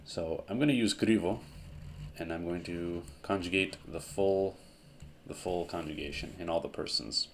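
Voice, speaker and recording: Slow, gravelly deep-voiced man teaching. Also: slight background noise. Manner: slow, methodical explaining with self-corrections. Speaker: language teacher. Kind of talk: whiteboard grammar lesson.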